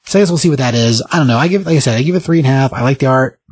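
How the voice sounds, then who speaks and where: A man casually recapping and reviewing a comic book as a podcast host, rambling and animated as he quotes the characters. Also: mid-range voice, very fast, breathy edge, no echo.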